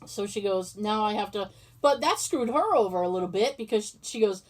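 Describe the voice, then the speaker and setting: A woman's voice: mid-range voice, animated, moderate pace. A woman hosting a podcast, casually telling a story and acting out both sides of the conversation, swearing freely. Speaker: podcast host. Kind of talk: casual chat.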